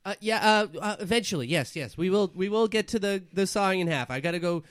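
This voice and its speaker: Man, comedy podcast host, smooth, dry sound, stammering. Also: high-pitched, fast, dry recording. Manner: flustered, stammering showman. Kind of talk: improvised comedy scene.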